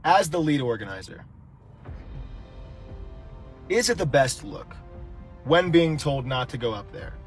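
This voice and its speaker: A man with a high-pitched voice rants in a commentary video. He sounds indignant and blunt, swearing as he calls someone out. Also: big pitch swings, measured pace, pauses often, faint music behind.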